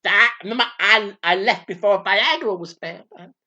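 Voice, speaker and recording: A man's voice: high voice, moderate pace, sharp tone, dull audio. A man doing a bawdy aging Vegas showgirl. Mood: bawdy gossiping. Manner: crude, camp, gossipy storytelling with stammered restarts. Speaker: comedy character. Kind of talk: improvised comic monologue.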